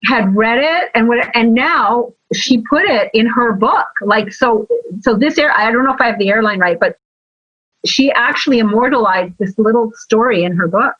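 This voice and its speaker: A woman guest talking about sales and marketing in a lively interview, telling stories with emphatic, animated asides. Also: on the high side, normal speed, no echo. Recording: slightly dull, lo-fi sound.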